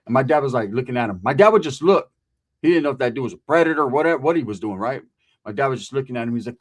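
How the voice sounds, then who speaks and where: A man's voice: mid-range voice, lively intonation, fast talker. A man telling a profane comic story about his past, acting out the people in it.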